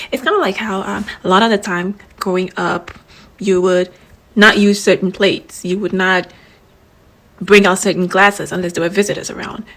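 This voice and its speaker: A woman's voice: medium pitch, low-quality recording. Candid young woman giving life advice. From Ghana. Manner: candid, reassuring, conversational. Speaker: vlogger. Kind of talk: casual advice vlog.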